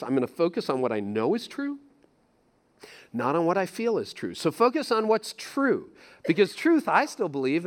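A male pastor preaching in a conversational, emphatic way, often repeating his key phrases. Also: fairly high pitch. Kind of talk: sermon.

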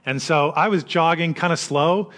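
Male pastor, slightly high voice, preaches with lively storytelling and quiet, reflective turns. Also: moderate pace. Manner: animated, swinging between quiet reflection and lively emphasis; conversational storytelling. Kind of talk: sermon.

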